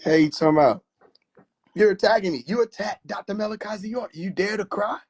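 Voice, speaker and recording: Man, high-pitched voice, livestream host, casual mocking rant, boisterous. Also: fairly quick, darkish tone, breathy edge. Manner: boisterous and mocking, laughs often.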